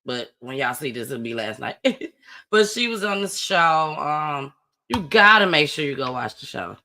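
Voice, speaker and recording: Chatty woman host reacting to clips, bright voice, says stuff twice for emphasis. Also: low-pitched, sing-song, normal speed. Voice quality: emphatic, repeats phrases for emphasis. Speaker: commentary show host. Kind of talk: casual chat reacting to news clips. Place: home studio with green screen.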